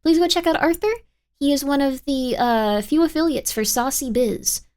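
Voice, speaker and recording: A young woman with a slightly high voice talks casually to her stream from a home setup. She rambles in a bubbly way, leaning on "like" and little fillers as she answers chat and thanks viewers. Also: normal speed, darkish tone. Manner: bubbly and rambling, filler-heavy with frequent 'like'. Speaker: livestream host.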